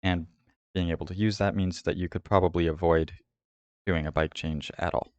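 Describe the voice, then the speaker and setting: A man hosting a route guide, giving a steady, methodical voice-over about a race course. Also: deep voice, normal speed, no echo, muffled recording. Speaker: host of a cycling route guide. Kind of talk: scripted voice-over over game footage.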